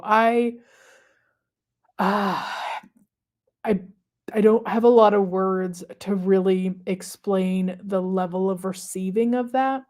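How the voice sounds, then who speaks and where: A woman hosting a live stream, talking casually and reflectively to viewers with many pauses and fillers. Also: mid-range voice, steady tone, darkish tone. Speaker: host of a manifestation livestream.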